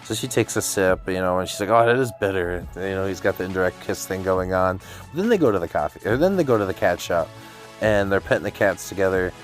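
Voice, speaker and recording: Casual male anime reviewer, lowish voice, excited chatty recap, soft music bed. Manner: excited, chatty retelling with laughs and quick quoted voices.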